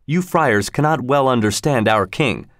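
A man's voice: measured pace, a bit bright, no room sound, close to an everyday voice. A bold, proud outlaw leader from a storybook, put on by a man reading aloud. He talks in a jaunty, teasing manner with a lifted voice. The sound is close and dry, with no room around it. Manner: jaunty, mocking, raised pitch.

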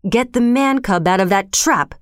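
A woman voicing a protective male panther in a storybook reading, with measured, urging speech. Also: mid-range voice, animated, no echo, clean studio sound, close to an everyday voice. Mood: urgent.

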